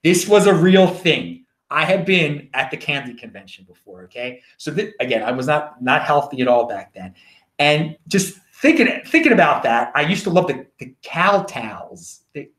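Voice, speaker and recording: A man with a Baltimore accent rambles through his stories in a casual solo show. His fairly high voice swoops up and down a lot, and the room around him rings with echo. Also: moderate pace. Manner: rambling, animated storytelling. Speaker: show host. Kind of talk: casual monologue.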